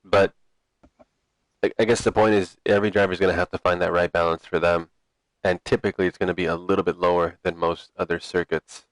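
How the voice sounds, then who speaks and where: Low-voiced man commentating sim racing. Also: fairly quick, dry recording. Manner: relaxed, chatty, teasing. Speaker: race commentator.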